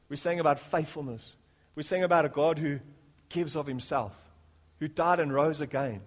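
High-voiced pastor preaching. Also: male voice. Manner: jokey, rising to fervent preaching. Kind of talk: sermon with prayer. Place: church.

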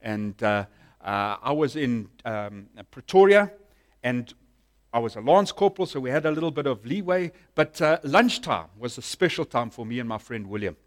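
A middle-aged man preaching a sermon, telling a story and swinging from loud bursts to hushed lines. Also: mid-range voice, lively intonation, moderate pace. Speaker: pastor.

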